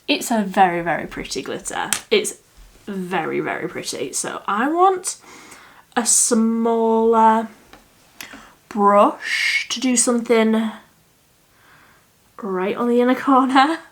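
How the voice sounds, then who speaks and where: A young woman chatting casually as she does her makeup, thinking aloud and now and then dropping to a soft murmur while she works. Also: fairly high pitch, expressive, slow pace, pauses often. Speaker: beauty vlogger. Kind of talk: casual makeup tutorial chat.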